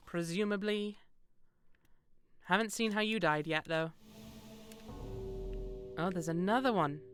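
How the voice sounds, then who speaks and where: A woman's voice: fairly low pitch, takes it slowly, pauses often, soft background music. A young woman streamer giving casual, joking commentary while playing a game, talking to herself and to her viewers. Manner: joking, wry, talks to herself and chat.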